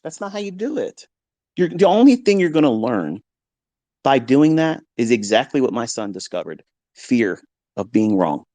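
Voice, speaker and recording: A blunt, foul-mouthed middle-aged man holds forth as a trading mentor in a live audio chat, his voice sitting at an ordinary middle pitch. He rants from his basement at home, close and dry with hardly any room sound, and now and then flares into loud, heated yelling. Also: big pitch swings, normal speed, no room sound.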